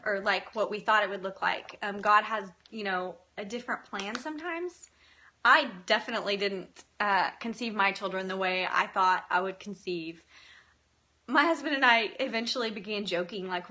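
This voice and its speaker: A woman hosting a live video, speaking in an earnest, gentle and encouraging way as she reads viewer comments. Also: mid-range voice. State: tearful at times. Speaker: faith-based live video host. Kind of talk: live-stream talk, reading comments.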